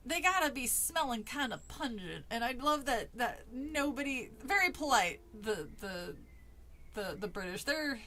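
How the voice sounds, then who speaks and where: A woman's voice: fairly high pitch, big pitch swings, measured pace, sharp tone, slight background noise. A young woman streaming a book reading, breaking off for casual, sarcastic commentary with swearing and laughs.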